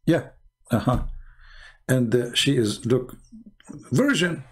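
A man giving sarcastic reaction commentary on videos, mocking and chuckling, in broken English, his voice going hoarse. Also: mid-range voice, lively intonation, slow pace, long pauses. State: losing his voice.

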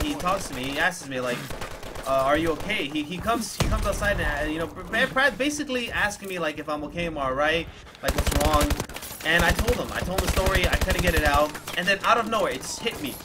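A man's voice: fairly high pitch, lively intonation, fast talker, very noisy. Emotional young man telling a story. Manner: casual, emotional retelling with swearing and repeated fillers. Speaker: gaming YouTuber.

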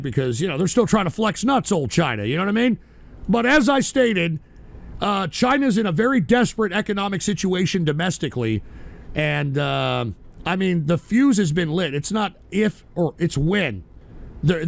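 A man hosting a livestream show, ranting with constant swearing, shouting at trolls, and tacking "all right?" onto his sentences. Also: a little high, gravelly. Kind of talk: profane livestream rant.

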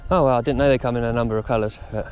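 A man's voice: mid-range voice, steady tone, rapid-fire, a little mellow, soft background music. A middle-aged British man, a dog trainer vlogging outdoors on a walk, blunt and lecturing in his casual advice. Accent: British English. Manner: blunt, lecturing, plain-spoken. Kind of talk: casual instructional monologue.

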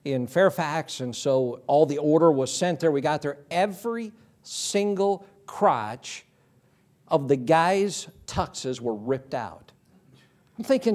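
A man in his fifties preaches from a church pulpit in a slightly high voice. He tells his stories folksily and slips into little voices when he quotes people. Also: animated, slow pace, darkish tone. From Michigan. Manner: folksy anecdotal storytelling, acts out voices in quotes. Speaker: pastor. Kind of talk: sermon with storytelling. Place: church sanctuary.

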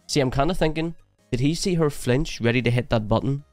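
A man's voice: mid-range voice, brisk, a little mellow, dry recording, faint music behind. A man hosting a reaction video, giving blunt, opinionated commentary and joking along the way. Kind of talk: casual commentary.

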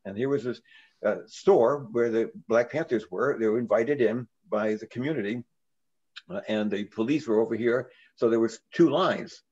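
Older reverend with a halting, earnest delivery. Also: male voice, medium pitch, a little mellow, muffled recording. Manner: earnest, with frequent halting restarts. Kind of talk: storytelling in a recorded interview.

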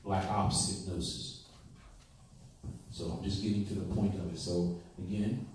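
Deep-voiced man lecturing in an echoey room. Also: little pitch movement, darkish tone. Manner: repetitive, conversational, slows into soothing hypnotic cadence. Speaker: teacher. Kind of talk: classroom lecture. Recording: echoey room from far off, faint noise.

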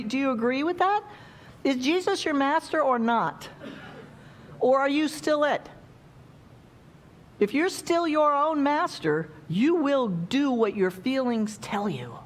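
A woman preaching a sermon in a conversational way, often checking in with the congregation by asking questions. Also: sits high.

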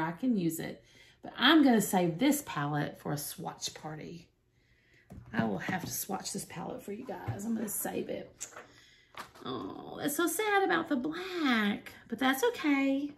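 Woman makeup vlogger, gravelly, slow and lively, gushing, dips into whispers. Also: fairly high pitch. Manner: gushing, gasping, often drops to a whisper. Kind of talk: excited unboxing chat.

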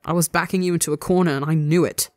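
A reader voicing a gentle, soothing young man. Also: medium pitch, fairly even intonation, fast talker, no echo, natural voice. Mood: tender. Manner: soft and reassuring. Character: gentle, loving young man comforting his partner.

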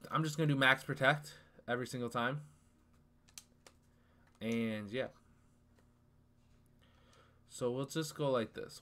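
A young man giving casual live commentary over his football video game, easily frustrated and trash-talking, breaking into sudden shouts. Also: mid-range voice. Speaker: gaming YouTuber.

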